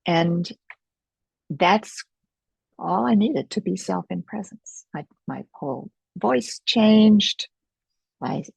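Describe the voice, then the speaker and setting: A middle-aged woman leading an experiential teaching webinar in a gentle, reflective way, pausing often, over a video call mic. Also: on the low side, gravelly, slightly rough, no echo. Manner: gentle, reflective, unhurried with pauses. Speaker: Focusing teacher.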